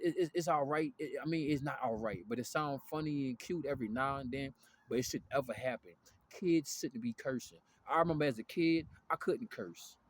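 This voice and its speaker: A man talks through a loose, profane spiritual rant in street slang, checking in with "you feel me" again and again. His voice sits mid-range, with faint noise in the background. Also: medium pitch. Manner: profane street slang, constant "you know what I'm saying". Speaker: spiritual vlogger. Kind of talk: casual spiritual rant to camera.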